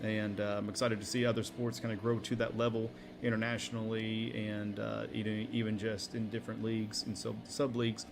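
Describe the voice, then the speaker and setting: A man co-hosting a casual sports podcast, talking in a relaxed, rambling way with plenty of fillers. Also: fairly low pitch, a little fast, vocal fry, hardly any pauses, noisy background. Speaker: podcast co-host.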